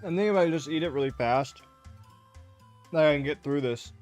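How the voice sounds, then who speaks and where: A man's voice: a little high, fairly quick, darkish tone, faint music behind. Swearing man on a livestream. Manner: swearing, groaning over spicy food. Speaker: streamer. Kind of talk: casual livestream chat.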